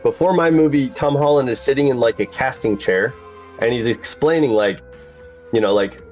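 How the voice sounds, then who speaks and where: A man's voice: medium pitch, normal speed, a little mellow, highs cut off, faint music behind. A man talking in a casual chat about a film, rambling with many restarts and frequent laughter. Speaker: podcast host.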